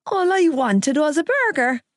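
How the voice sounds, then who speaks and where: A woman's voice: sits high, sing-song, unhurried, no room sound, studio quality, pitched above the performer's own voice. A woman voicing a panicky young man who wails and whines at everything, in an audiobook. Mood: panicked, whining. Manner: wailing, whiny and exasperated. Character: panicky young Irish man, driving, whining.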